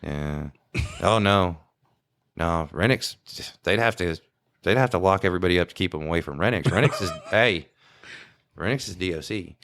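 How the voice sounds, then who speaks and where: A man's voice: deep voice, moderate pace, fairly bright tone, no echo, clean studio sound. A man, co-hosting a podcast and telling rambling, profane stories of police work with plenty of laughs. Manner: rambling, profane, laughing, mimics others' voices. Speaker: podcast co-host, small-town police officer. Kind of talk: casual storytelling chat.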